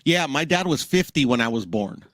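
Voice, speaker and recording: A man's voice: medium pitch, animated, normal speed, fairly bright tone, dry recording. An American man in his thirties chatting casually on a live stream, easygoing and hesitant, with lots of fillers. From United States. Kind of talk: casual chat.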